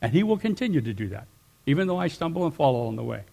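A middle-aged man preaching a sermon, animated, swinging between loud emphatic rises and quiet asides. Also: on the high side, rapid-fire, gravelly. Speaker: pastor.

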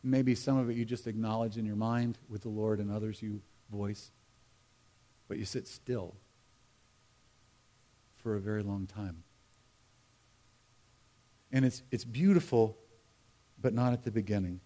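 A man's voice: fairly low pitch, steady tone, a little slow, pauses often, mellow. American man preaching a conversational sermon. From United States. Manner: conversational, humorous preaching with asides to the congregation. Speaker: pastor. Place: church sanctuary.

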